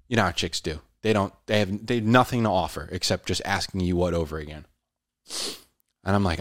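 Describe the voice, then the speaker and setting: Low-voiced man telling a story casually. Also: moderate pace, long pauses, no echo, studio quality. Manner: animated, says "dude" a lot.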